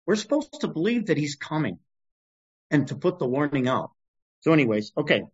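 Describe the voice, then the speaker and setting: A middle-aged man teaching a sermon in an informal, animated way, reading scripture aloud. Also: fairly high pitch, a little fast, breathy edge. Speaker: pastor. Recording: dull lo-fi recording.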